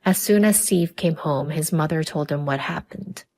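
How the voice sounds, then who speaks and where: A woman telling a first-person family drama story in scripted, even narration. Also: sits low, moderate pace.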